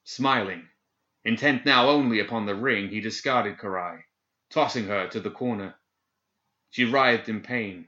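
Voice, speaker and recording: A man narrating a dark fantasy story in a measured, dramatic reading. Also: on the low side, echoey room. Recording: dull lo-fi recording.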